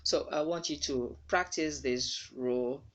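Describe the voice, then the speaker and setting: A man's voice: medium pitch, measured pace, fairly bright tone. A man giving a spoken English pronunciation lesson, carefully repeating words to model the sounds. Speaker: pronunciation teacher.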